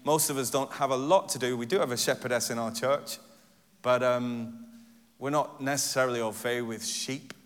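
A man delivers a sermon at a middling pitch, his voice trailing off into the long reverb of a church hall. He teaches gently and reflectively, repeating scripture and stressing each word in turn. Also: normal speed, smooth. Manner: repeats verses, stressing different words in turn. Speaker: preacher.

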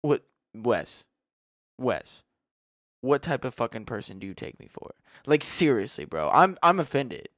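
A man's voice: mid-range voice, unhurried, no room sound. A man co-hosting a casual podcast, swearing freely and teasing his friend. His voice sits in a middle range. The sound is dry and close. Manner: profane, animated, teasing. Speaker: podcast co-host. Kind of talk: crude casual chat reacting to videos.

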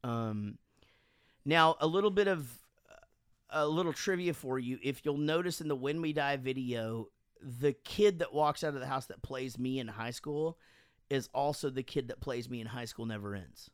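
A man casually telling animated stories on a podcast, swearing freely and acting out quotes, sounding a bit drunk. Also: medium pitch, normal speed, smooth, no room sound, clean studio sound. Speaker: podcast host and band frontman. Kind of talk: casual storytelling chat.

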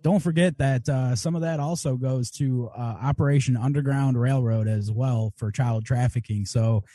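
A man's voice: medium pitch, fairly even intonation, normal speed, dark tone, dry recording, clean studio sound. A man co-hosting a casual talk show, upbeat and joking, often laughing.

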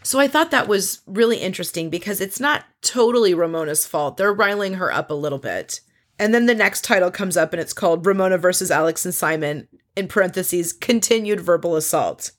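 A woman chatting casually through a reality show recap, animated, swearing freely, and acting out what others said. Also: lowish voice, brisk.

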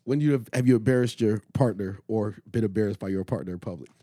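A man co-hosting a podcast in casual chat, excitable, laughing and egging the others on. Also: fairly low pitch, fast talker. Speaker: podcast co-host.

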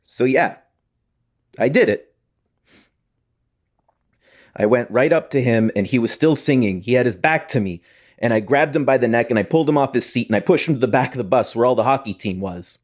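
A young actor playing a guilt-ridden, defensive teenage hockey player in a theatre monologue, rambling and constantly seeking agreement. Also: male voice, medium pitch, lively intonation, moderate pace, pauses often, natural voice. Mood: guilty.

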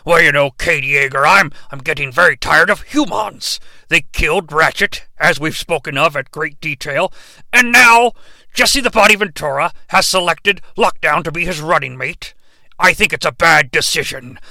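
A man voicing a weary, solemn male robot leader in a slow, grave and deep parody voice. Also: gravelly, bright, forceful tone, no room sound, full character voice.

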